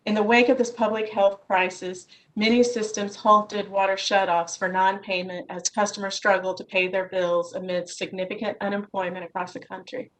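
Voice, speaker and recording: A woman testifying remotely at a Senate hearing from her office, reading a prepared statement in a measured way over a video call. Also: mid-range voice, flat delivery, poor audio.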